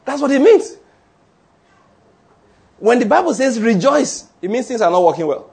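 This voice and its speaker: A man preaches in a husky, rather high voice. He delivers his sermon in an animated way, joking and acting out scenes as he goes. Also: moderate pace. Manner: animated preaching with humor and acted-out anecdotes. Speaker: pastor.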